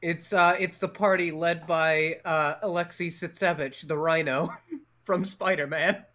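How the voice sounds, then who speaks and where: A man's voice: on the high side, fairly even intonation, unhurried, bright, forceful tone. A man chatting casually with friends during an improvised group story on a livestream. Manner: theatrical villain voice for his character. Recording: voice chat on a livestream.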